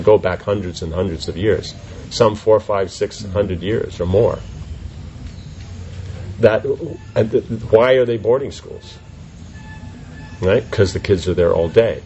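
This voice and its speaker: A man teaching a class in an informal question-and-answer session, animated and full of rhetorical questions. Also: on the low side, muffled recording, a little hiss or hum.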